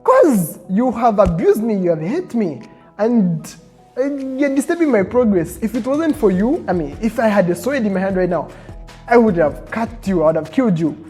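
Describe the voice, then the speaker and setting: A man playing a hot-tempered male sorcerer who shouts loud threats. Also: high-pitched, sing-song, normal speed, soft background music, pitched above the performer's own voice. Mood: furious.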